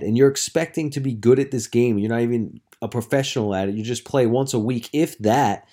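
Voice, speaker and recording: A man's voice: mid-range voice, a little fast, few pauses, dark tone. Profane rambling male podcast host. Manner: profane, rambling, heavy filler words. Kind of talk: casual solo podcast storytelling.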